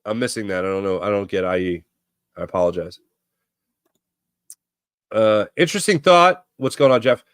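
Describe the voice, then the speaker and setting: Brief: Philadelphia sports talk host, crisp bright tone, dry close sound, rambling off-the-cuff delivery. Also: male voice, lowish voice, expressive, normal speed, long pauses, dry recording. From Philadelphia area, USA. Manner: rambling, self-correcting storyteller. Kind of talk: casual chat, answering live chat.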